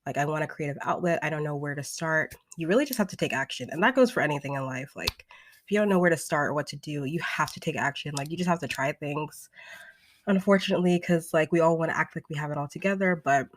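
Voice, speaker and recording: A woman's voice: deep voice, fast, slight background noise. A young woman in her twenties, a singer and vocal coach, talking casually and upbeat with lots of fillers, as in a live stream replayed as a podcast.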